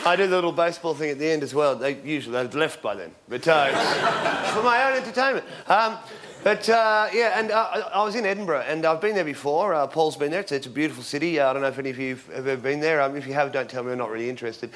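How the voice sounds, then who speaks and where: A man in his forties with a notably high voice works a live room, rambling through deadpan stories and then shouting out his punchlines. The audience laughs and claps loudly around him, and there is steady background noise. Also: fast talker. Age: 40s. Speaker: stand-up comedian. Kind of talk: stand-up comedy routine. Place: comedy stage before a live audience. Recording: loud crowd laughter and applause, background noise. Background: audience laughing and clapping.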